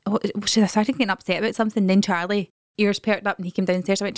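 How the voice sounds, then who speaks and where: A woman in her thirties chats quickly and animatedly, slipping into her children's voices as she tells stories. The sound is close and dry, with no room behind it. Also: medium pitch, dry recording. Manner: lively storytelling, acting out her kids' voices. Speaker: podcast co-host. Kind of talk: casual chat.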